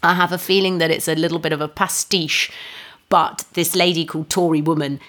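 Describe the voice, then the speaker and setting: A woman's voice: low-pitched, fairly even intonation, brisk, fairly bright tone. A woman co-hosting a podcast, chatting sarcastically and reading out tweets. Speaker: podcast co-host. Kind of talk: casual chat, reading out tweets.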